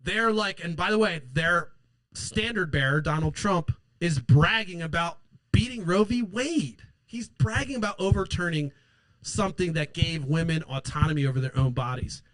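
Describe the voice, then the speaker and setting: Guy with a high voice going off on politics, swearing a ton, sarcastic, dry close mic. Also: moderate pace, a bit bright, dry recording. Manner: angry, sarcastic, swears constantly, mocks in put-on quotes. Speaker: political podcast host. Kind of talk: profane political rant.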